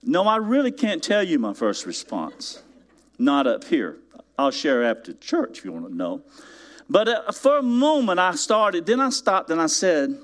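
A man's voice: a little high, measured pace. A man preaching a sermon in church, telling a story with mounting emphasis and asking his congregation rhetorical questions. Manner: animated storytelling, builds to loud emphatic peaks. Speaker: pastor.

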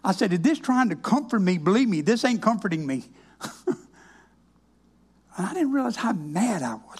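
An older man with a drawl gives a personal testimony in the manner of a sermon. His voice is husky and a little rough. He talks in a folksy, plainspoken way with a dry, wry humor. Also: sits high, lively intonation, moderate pace. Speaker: minister.

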